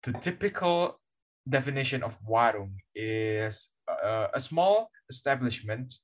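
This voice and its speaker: A man's voice: mid-range voice, animated, measured pace. Young Indonesian man, American-style accent. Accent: Indonesian-accented English, American-based. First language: not English. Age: young adult. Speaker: podcast co-host. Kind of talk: casual chat.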